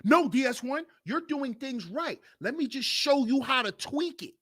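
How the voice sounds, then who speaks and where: A smooth-talking devil tempter, coaxing and falsely friendly, as a podcast host puts him on. The voice runs high and bright, with a sly, sweet edge. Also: male voice, expressive, unhurried, heavily acted.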